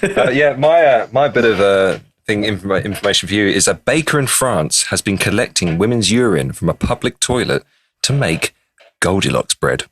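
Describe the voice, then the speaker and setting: Low-voiced man, animated podcast chat. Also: normal speed, a little hiss or hum. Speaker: podcast co-host. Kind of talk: casual banter.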